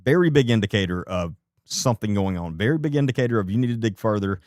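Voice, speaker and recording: Man, low voice, dry close sound, blunt live-stream commentator; swears, repeats his questions. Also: expressive, fast, darkish tone, no echo.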